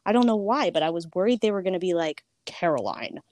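A woman's voice: medium pitch, racing, a little mellow, no echo. A young woman, telling a personal story in casual chat, with lots of fillers and quotes she acts out. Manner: chatty, frequent "like" fillers.

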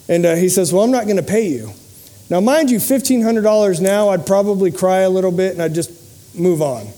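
A motivational speaker and podcast host with a high, warm voice addresses a live audience. He shares personal stories in a manner both earnest and funny.

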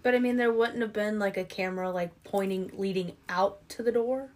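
A young woman from Florida co-hosting a true crime podcast, chatting casually with quick, slangy wisecracks. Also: mid-range voice. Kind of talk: casual chat.

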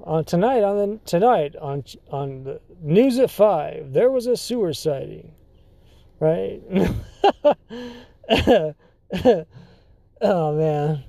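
A podcast host spins a story in an unhurried, halting way, leaning on fillers and restarting sentences. The tone is mellow and dark. The sound is dry and close, with no room around it. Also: mid-range voice, creaky, dry recording. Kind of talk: casual storytelling.

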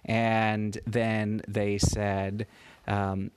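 A man improvising a bedtime story for a child, animated and stopping to ask the child questions. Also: lowish voice, very slow, smooth. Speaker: parent telling a bedtime story.

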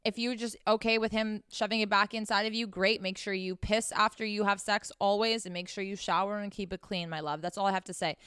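A woman's voice: medium pitch, steady tone, fairly quick, few pauses, a bit bright, smooth, no echo, clean studio sound. A young woman hosting a frank, casual monologue, blunt and profane as she talks straight to her listeners. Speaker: host.

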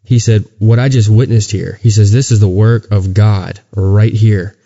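A man's voice: on the low side, fairly even intonation, unhurried, mellow, dull audio. A man co-hosting a podcast, telling a story of his faith in an earnest, casual way, often stumbling and restarting. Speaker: podcast co-host. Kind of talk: casual chat and testimony.

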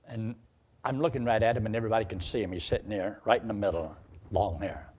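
A man's voice: on the low side, fast talker, slightly rough. A male preacher telling a personal story in a sermon, acting out the dialogue as he goes. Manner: animated, acts out dialogue.

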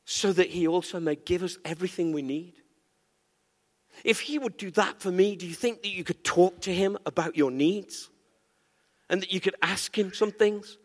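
Pastor preaching in an echoey hall. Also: male voice, high voice, normal speed. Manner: animated, playful, call-and-response. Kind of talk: sermon.

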